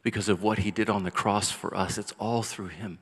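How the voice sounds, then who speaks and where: A man's voice: on the low side, steady tone, fairly quick, breathy edge. Passionate male pastor in a reverberant church. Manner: passionate preaching, builds to loud cries then drops soft. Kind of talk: sermon. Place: church sanctuary. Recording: long church hall reverb.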